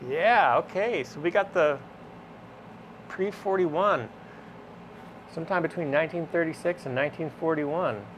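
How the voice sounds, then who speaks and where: Man, shop vlogger, slow and rambling, mutters asides to himself, faint hum in the background. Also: fairly high pitch, rough recording. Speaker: vlogger restoring tools. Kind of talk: casual talk to camera while working. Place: guitar repair shop.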